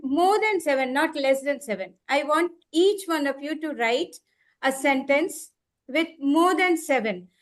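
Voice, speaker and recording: A woman trainer explaining activities in a live online workshop over a video call, repeating key words and slowing down for examples. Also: high-pitched. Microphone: computer mic on a video call.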